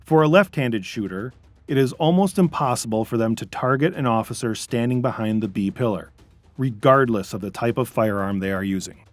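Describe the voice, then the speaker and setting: A man narrates a training video in a measured, instructive voice of medium pitch. The recording is close and dry, with no room sound. He lays out each point steadily. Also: no room sound, soft background music.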